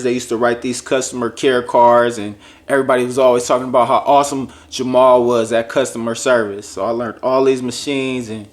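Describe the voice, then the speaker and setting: Guy vlogging a story to his viewers, talks casual and playful, acts out what people said, medium voice. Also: medium pitch. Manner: lively, jokey storytelling that acts out other people's lines; addresses viewers directly and casually. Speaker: vlogger sharing a faith testimony.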